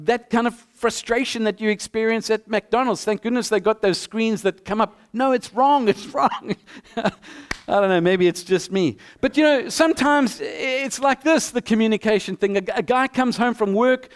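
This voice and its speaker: A middle-aged male pastor preaching a sermon with animated storytelling, acting out both sides of the dialogues. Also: sits high, normal speed, clear, resonant tone. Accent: non-American.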